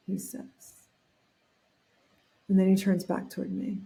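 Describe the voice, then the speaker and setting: A woman guest on a podcast, telling an anecdote in an animated way, acting out what people said and often restarting her sentences. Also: medium pitch, slow pace, vocal fry. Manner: animated storyteller acting out quotes, frequent restarts. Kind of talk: storytelling in a podcast interview.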